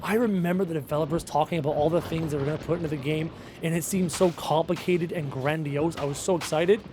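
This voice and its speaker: A man in his thirties talks loosely through a live gaming stream, reading out viewer comments and answering them one after another. His voice sits a little high for a man. A faint noise runs under the talk. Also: steady tone, fast talker. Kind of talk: casual live-stream chat while playing.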